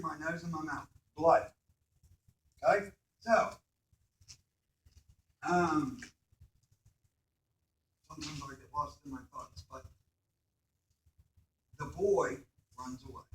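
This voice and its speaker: A man speaks earnestly to a room of students about his own experience, pausing often to check in with them. His voice sits a little high and rings through an echoey hall, picked up from some distance with faint background noise. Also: fairly bright tone. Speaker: speaker telling his accident story to students. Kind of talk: personal testimony talk. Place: school hall or classroom.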